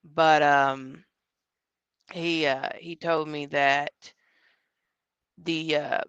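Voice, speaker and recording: A man's voice: fairly high pitch, little pitch movement, extremely slow, fairly bright tone, smooth, no echo, muffled recording. A man, a psychic medium guest, telling a story in a casual, rambling way, with lots of fillers and quoted dialogue.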